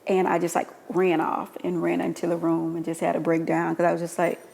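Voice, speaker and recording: Halting gravelly low-voiced woman. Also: monotone, a little mellow, long reverb tail, slight background noise. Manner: halting, restarts words. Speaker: guest, caregiver. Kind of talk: personal storytelling.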